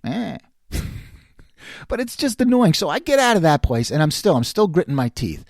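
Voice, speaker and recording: A man's voice: high voice, big pitch swings, moderate pace, no room sound, clean studio sound. A middle-aged man from New York in a casual monologue, telling a story with exasperation and acting out the other people's lines. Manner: exasperated ranting. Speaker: vlogger.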